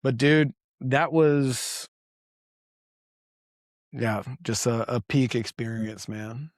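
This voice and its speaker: A man telling a story as a podcast guest in casual chat, animated, loose and profane. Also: mid-range voice, extremely slow, no room sound, clean studio sound.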